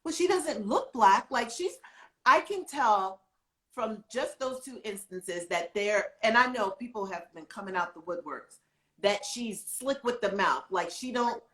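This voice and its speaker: A woman co-host talking in a loose, chatty way, recounting what she saw with a lot of animation. Her voice sits at an ordinary middle pitch and carries a noticeable echo, as if she is in a roomy space. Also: expressive, measured pace, sharp tone. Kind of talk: casual talk show chat.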